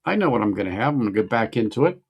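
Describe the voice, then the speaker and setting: A man's voice: fairly low pitch, very animated, rapid-fire, vocal fry, slightly rough. A middle-aged man chatting casually on a whiskey-tasting livestream, musing aloud and greeting viewers. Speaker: livestream host.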